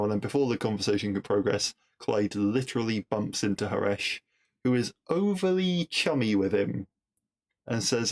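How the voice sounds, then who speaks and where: Podcast host: male, lower register, dry and chatty, retells episodes with asides. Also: normal speed. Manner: wry, conversational, puts on voices when quoting. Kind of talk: episode recap commentary.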